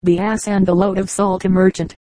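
A woman reading fables aloud as an audiobook narrator, in a calm, measured way. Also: mid-range voice, no echo, poor audio. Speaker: audiobook reader. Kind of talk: storybook narration.

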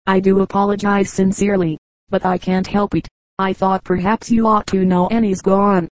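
A woman reading a book of short jokes aloud as an audiobook, in a steady, even reading voice that voices the dialogue lightly. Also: medium pitch, moderate pace, no echo, low-quality recording. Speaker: audiobook reader. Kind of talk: audiobook narration.

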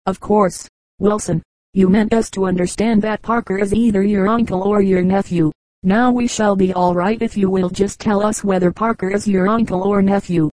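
A woman's voice: medium pitch, steady tone, moderate pace, darkish tone, dry recording, close to an everyday voice, rough recording. A woman voicing a patient, reasonable male commercial traveler in an audiobook.

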